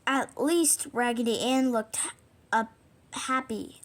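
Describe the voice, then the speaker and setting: A woman's voice: fairly high pitch, slow. A woman reading a children's storybook aloud, stumbling over words and apologizing often, with the hiccups. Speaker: reader.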